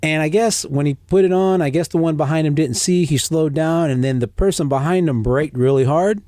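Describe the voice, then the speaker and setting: A man's voice: on the high side, a little fast, no room sound, studio quality. A man on a podcast, telling stories in casual chat and acting out the people he quotes. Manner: animated storyteller, acts out quoted voices. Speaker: podcast guest.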